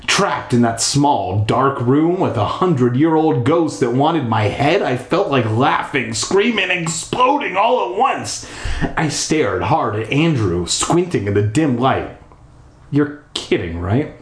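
Man reading a storybook from the tub, crude asides, slow pace, lively pitch, echoey bathroom. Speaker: storybook reader. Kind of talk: casual crude reading aloud. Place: bathtub.

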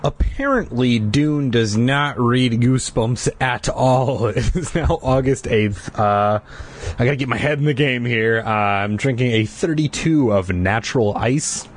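Husky man reading with sarcastic asides. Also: medium pitch, a little slow. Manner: lively, sarcastic, profane asides. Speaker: amateur reader. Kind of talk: casual reading aloud with jokey asides.

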